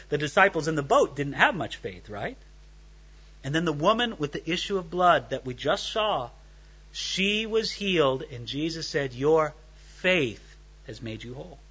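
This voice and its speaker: The recording is dull, and the pastor's voice is a little high, pushed, bright and slightly rough. He reads scripture and explains it verse by verse in an expository sermon, giving each speaker in the passage a dramatized voice.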